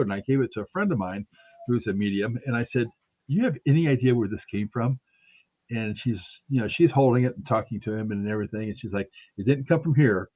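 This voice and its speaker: A husky man talks at a quick clip, spinning a rambling story and voicing each person in it. He sounds thin and tinny, as if he is coming in over a phone line. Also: lowish voice. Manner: rambling anecdotes, acting out the dialogue. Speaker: radio show host. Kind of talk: casual storytelling interview.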